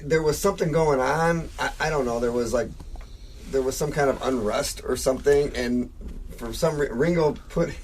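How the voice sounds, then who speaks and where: A middle-aged man co-hosts a relaxed podcast chat in a mid-pitched voice. He rambles through his stories and chuckles along the way. A faint hiss of noise sits under the recording. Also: moderate pace, rough recording. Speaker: podcast co-host. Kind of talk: casual chat.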